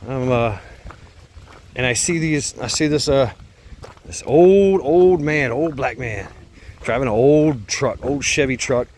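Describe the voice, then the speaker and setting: A man with a mid-range, slightly mellow voice tells a casual story slowly against slight background noise. He rambles and swears, with lots of fillers and restarts, and laughs often as he goes.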